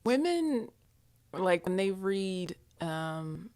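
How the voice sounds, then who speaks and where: A woman hosts in a relaxed, teasing way and speaks slowly. Her voice sits a little low and sounds smooth. The mic is close and dry. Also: dry recording. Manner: slow, teasing, many listening murmurs. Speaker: podcast host. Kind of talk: casual chat.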